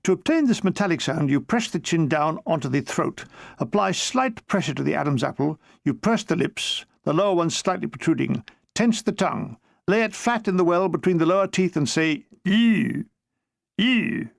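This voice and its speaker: A man's voice: a little high, lively intonation, fairly quick, creaky, no echo. A man reading his own memoir aloud as an audiobook, with a dry comic storytelling manner. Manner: dry comic storytelling, briefly mimicking characters. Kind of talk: audiobook narration.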